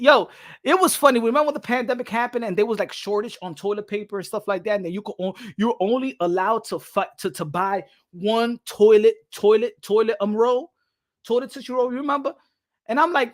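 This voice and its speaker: Animated, profane New York man. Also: high-pitched, brisk. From New York City. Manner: animated, profane, laughs often. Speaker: boxing channel host. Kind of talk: casual rant to camera.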